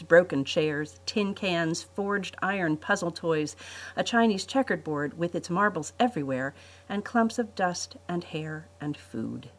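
A woman narrates a family adventure story in a measured, storybook way. Her voice is husky and a little low. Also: low-quality recording. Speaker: podcast host and storyteller.

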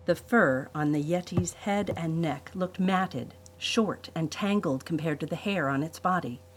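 A woman hosting a podcast, reading a family adventure story in a measured storybook way. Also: low-pitched, slight background noise, poor audio. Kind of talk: scripted story narration.

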